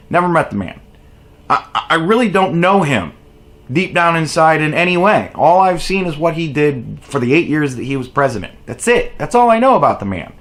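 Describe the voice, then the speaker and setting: Male host, mocking and foul-mouthed commentary, high-ish and very lively delivery. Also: moderate pace. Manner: profane, mocking, animated rant. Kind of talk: sarcastic political commentary.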